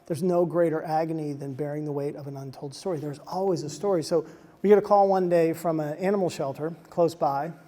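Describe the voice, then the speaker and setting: A man giving a motivational talk to soldiers, telling stories in an animated way and dropping to a soft hush at emotional moments. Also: on the high side, a little fast. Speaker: speaker addressing soldiers. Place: large hall on a military base. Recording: long reverb of a large hall.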